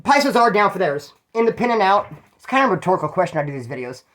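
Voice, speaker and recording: A man's voice: sits high, big pitch swings, fast, a bit bright. A man from Bakersfield, California, telling prison stories in a slangy, profane, rambling way with frequent asides. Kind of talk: casual storytelling monologue.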